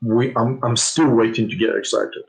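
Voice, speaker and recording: A man co-hosting a casual fan discussion, speaking in a measured and mildly frustrated way. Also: mid-range voice, steady tone, gravelly, poor audio. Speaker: co-host.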